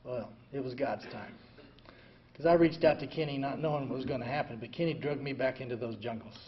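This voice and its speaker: An older man telling his own recovery story in an emotional way, going from hushed to loud. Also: mid-range voice, brisk. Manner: emotional, swings from quiet to loud and laughing. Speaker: veteran speaker sharing a recovery story. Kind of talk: personal storytelling talk. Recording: dull lo-fi recording, faint ambient noise.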